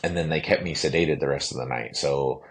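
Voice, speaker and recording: A man, a clinician guest on a podcast, telling a personal story in a casual, animated way, with plenty of "like" and "you know". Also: a bass voice, brisk.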